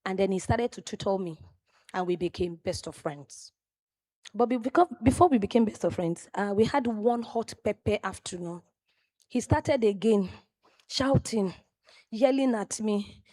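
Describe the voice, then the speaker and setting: A woman with a Nigerian accent delivers a personal tribute as a lively storyteller. Her voice sits at a middle pitch, and she drops exclamations and asides to the crowd. The sound is dry, with little room echo. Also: a little slow. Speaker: tribute speaker at a memorial event.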